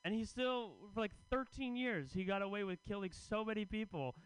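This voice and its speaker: A man doing a stand-up set in a comedy club, making wry, deadpan asides to the crowd. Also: high-pitched, fairly quick, clear, resonant tone, dry recording, low-quality recording. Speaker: stand-up comic and festival host.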